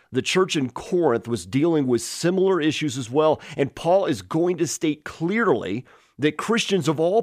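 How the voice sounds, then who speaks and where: A man's voice: on the high side, no room sound, clean studio sound. A man preaching an expository sermon in an earnest teaching tone, often restarting his phrases.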